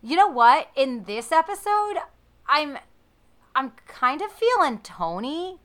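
A woman's voice: high voice, sing-song, slow pace, a bit bright. A woman co-hosting a casual TV recap podcast, talking with hesitant restarts. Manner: hesitant, lots of restarts and fillers. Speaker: podcast co-host. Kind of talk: casual chat.

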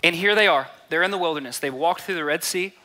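A young pastor in his 20s to 30s preaches a sermon, reading scripture aloud, acting out quoted voices and repeating phrases for emphasis. His fairly high voice sounds pushed and bright, and he speaks quickly.

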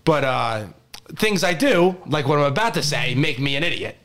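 A young man co-hosts a casual sports podcast, spinning a story with a fairly high voice. He laughs through his own lines and keeps stumbling into restarts. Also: very animated, normal speed, fairly bright tone. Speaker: podcast co-host.

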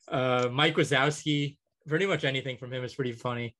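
A man's voice: medium pitch, a bit bright. Rambling man listing things casually. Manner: rambling list with many ums, chuckling. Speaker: podcast co-host. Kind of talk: casual chat.

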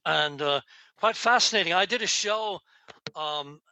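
A man's voice: high-pitched, unhurried, bright, forceful tone, dry recording, rough recording. A man in a time-traveling famous singer persona, chatting casually on a podcast with rambling, laughing anecdotes.

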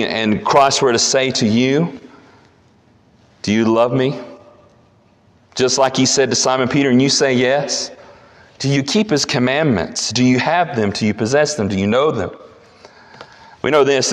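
A man's voice: mid-range voice, moderate pace. A male pastor preaching a sermon, emphatic and building to repeated declarations. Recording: long hall reverb.

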